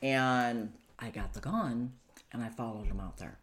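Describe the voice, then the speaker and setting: Very deep-voiced woman recounting an ordeal. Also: slight background noise. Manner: halting, urgent retelling with frequent "you know". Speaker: interview guest telling her own story. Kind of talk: emotional personal testimony.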